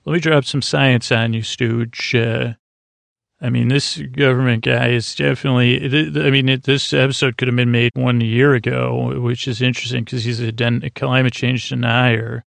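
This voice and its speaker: A man talks through an episode recap in a loose, rambling way, full of "uh"s, "like"s and restarts. His voice has a gravelly texture and stays level, with little rise and fall. The sound is close and dry. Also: mid-range voice, little pitch movement, a bit bright, dry recording. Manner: rambling, halting, many fillers and restarts. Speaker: podcast host recapping an episode. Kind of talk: casual recap chat.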